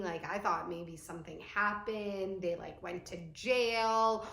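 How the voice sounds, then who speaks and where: A young woman shares a painful personal story in a candid, talky way, full of fillers. Her voice sits at a middle pitch. The room around her is echoey. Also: a little slow, creaky, few pauses, fairly bright tone. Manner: candid, tearful storytelling with frequent "like". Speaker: vlogger.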